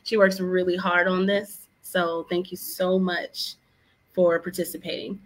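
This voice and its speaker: Woman podcast creator, lowish voice, thankful casual sign-off. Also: level tone, measured pace. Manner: thankful, listing things off.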